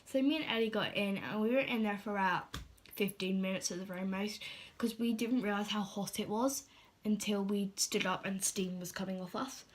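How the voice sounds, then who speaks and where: A woman's voice: medium pitch, steady tone, normal speed. A teenage girl, telling a storytime vlog in a chatty, filler-heavy way and acting out what people said.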